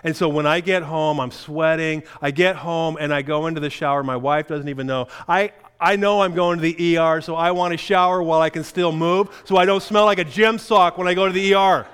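A man's voice: on the high side, fairly even intonation, fairly quick, few pauses, fairly bright tone, clean tone. A middle-aged man preaching a sermon, telling a personal story in a self-deprecating way with chuckles. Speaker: pastor.

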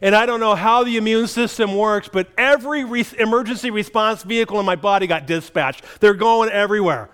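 A middle-aged male pastor preaching, his voice smooth and resonant and sitting a little high for a man. He tells a story against himself in a self-deprecating way, chuckling as he goes. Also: fairly quick, few pauses, fairly bright tone. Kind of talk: sermon with personal story.

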